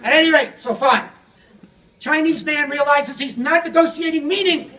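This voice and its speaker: A man giving a comic, theatrical storytelling keynote on language learning, animated and at times shouting. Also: very high voice, normal speed, a little hiss or hum. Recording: echoey hall audio from a distant mic with audience.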